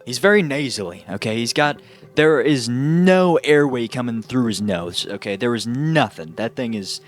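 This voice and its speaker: A man's voice: medium pitch, lively intonation, moderate pace, faint music behind. A young man giving a casual, joking movie review, rambling and saying "like" a lot. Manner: rambling, joking, heavy use of filler "like".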